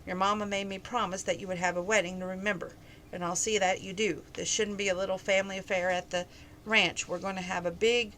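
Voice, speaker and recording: Woman reading older rancher dad, firm, loving, bright tone. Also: medium pitch, steady tone, brisk, a little hiss or hum, natural voice, poor audio.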